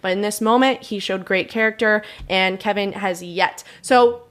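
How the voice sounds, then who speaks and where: A young woman co-hosting a casual sports podcast, blunt and ranting, quick to laugh. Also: mid-range voice. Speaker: podcast co-host.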